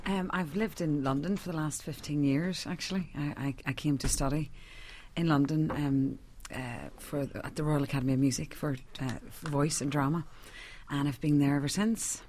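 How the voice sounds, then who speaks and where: A woman's voice: sits low, steady tone, normal speed, darkish tone, slight background noise. Bubbly woman with a Belfast accent. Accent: Northern Irish, Belfast. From Northern Ireland. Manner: bubbly, laughs easily. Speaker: stage actress, guest. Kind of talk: interview conversation.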